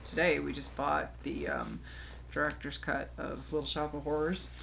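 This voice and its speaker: A woman with a fairly low voice co-hosts a relaxed movie podcast. She speaks with animated emphasis and gets louder when she makes a point. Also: moderate pace, creaky, slight background noise. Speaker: podcast co-host. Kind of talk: casual movie review chat.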